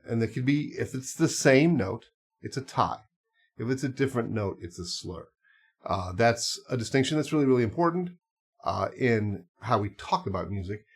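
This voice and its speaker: A man's voice: mid-range voice, lively intonation, normal speed, husky. A man teaching clarinet, talking casually and explaining step by step with small asides and fillers. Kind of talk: casual instructional talk.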